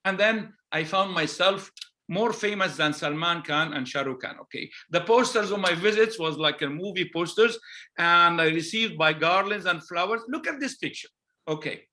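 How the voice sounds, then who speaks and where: A man with an Egyptian accent, a gynecologist telling stories in a lively conference talk, often adding "okay?" as an aside. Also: high-pitched, normal speed. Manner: animated, anecdotal, with frequent "okay?" asides. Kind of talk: storytelling conference lecture.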